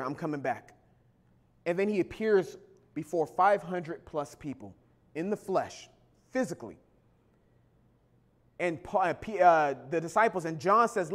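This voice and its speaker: A man preaching a sermon, lively, with slangy asides and quotes acted out in his own voice. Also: high voice. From Sacramento, California. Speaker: pastor.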